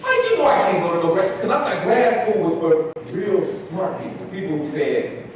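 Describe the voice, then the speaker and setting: A man's voice: high-pitched, moderate pace, a little hiss or hum. A man giving a talk, telling a personal story and acting out the voices of the people in it. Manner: animated storyteller acting out dialogue. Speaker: speaker. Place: large hall. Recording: echoey hall recording from far off.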